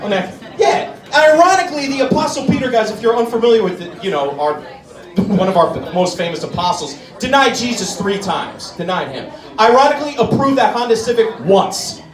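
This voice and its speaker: A man doing live stand-up comedy in a comedy club, talking directly to the crowd in an animated way. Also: sits high, moderate pace. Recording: roomy club, distant mic, crowd laughter.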